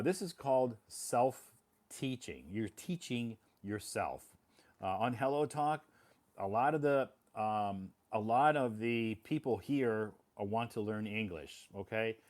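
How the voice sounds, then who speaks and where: Low-voiced man speaking plainly to learners. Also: darkish tone. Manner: plain and repetitive, apologetic. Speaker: English teacher for learners. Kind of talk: casual spoken monologue for English learners.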